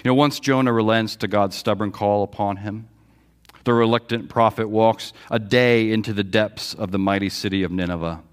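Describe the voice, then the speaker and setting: A man's voice: lowish voice, fairly even intonation, moderate pace, smooth. Male pastor, sermon delivery, storytelling preacher who acts out the quotes. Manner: storytelling preacher, quoting dialogue with feeling. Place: church sanctuary.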